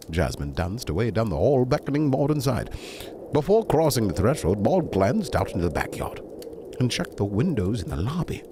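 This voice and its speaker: A man's voice: fairly low pitch, sing-song, normal speed, noisy background. A man reading a bedtime story aloud to a stream, breaking off for chatty, digressing asides.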